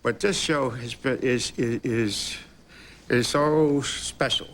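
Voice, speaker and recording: A man in his sixties, an actor guest telling animated stories with chuckles on a talk show. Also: medium pitch, takes it slowly, a little hiss or hum.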